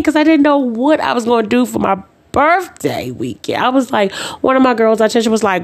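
Her medium-pitched voice moves at a normal speed with lively intonation as she hosts her podcast and shares personal anecdotes casually. She reenacts the exchanges she had with people and frequently fills pauses with "um" and "uh."

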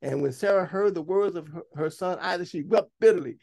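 High-pitched guy preaching, reads a passage then jumps in with comments, gets loud at times. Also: brisk, gravelly. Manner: reads aloud and breaks off to comment and exhort. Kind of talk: sermon, reading scripture aloud.

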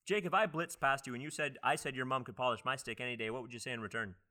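Fast-talking brash man hosting comedy. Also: mid-range voice, bright, forceful tone. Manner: jokey, brash, roasting his co-hosts. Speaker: podcast host.

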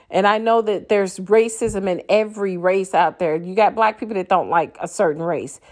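A woman with grown kids and grandkids, ranting into her podcast mic in a blunt, angry, profane monologue. Her voice sits at an ordinary middle pitch for a woman, and she keeps hammering her points home. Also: moderate pace. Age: older. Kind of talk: impassioned monologue.

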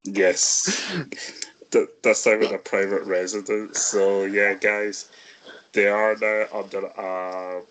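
A man hosting a casual film review chat, often breaking into high giggles. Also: level tone, slow pace, fairly bright tone. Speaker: podcast host.

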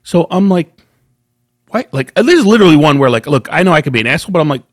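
A man co-hosting a casual chat, telling stories in an animated, profane way. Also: a little high, rapid-fire, no room sound, clean studio sound. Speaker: podcast co-host.

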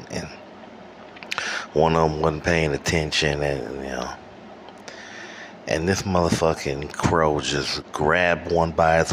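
A deep-voiced podcast host from Detroit, USA rants slowly in a solo monologue. He's recording in a room at home, where an air conditioner hums faintly in the background.

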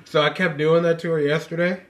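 A man's voice: a little high, a little fast. A man co-hosting a casual podcast, telling family stories with lots of swearing and acted-out quotes. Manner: animated storyteller, profane, acts out quotes. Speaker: podcast co-host.

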